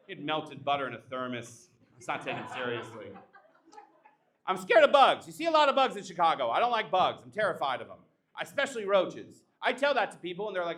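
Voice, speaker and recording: A high-pitched man doing live stand-up, his voice swooping up and down. His tone is bright and sharp, and he plays his bits in a big, exaggerated way. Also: big pitch swings, fairly quick. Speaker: stand-up comedian and emcee. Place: live comedy show at an art venue.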